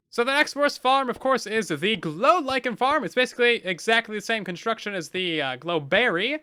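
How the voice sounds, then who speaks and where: A man's voice: high-pitched, animated, brisk, few pauses, bright, forceful tone, smooth. A man hosting a game let's play, talking in upbeat, chatty commentary with dry sarcastic jokes. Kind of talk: casual gameplay commentary.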